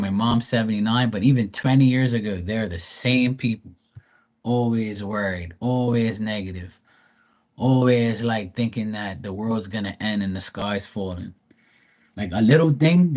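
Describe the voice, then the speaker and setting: A middle-aged man hosting a live stream from home, ranting casually and profanely about his worrying parents. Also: on the low side. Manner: exasperated, profane, animated storytelling. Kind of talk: casual rant to viewers. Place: at home by a running dryer.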